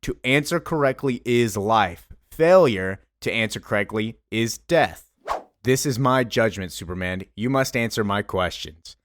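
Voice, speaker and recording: A man's voice: lowish voice, lively intonation, measured pace. A man voicing an ancient male cosmic sphinx who pronounces judgment solemnly, in a comic book retelling.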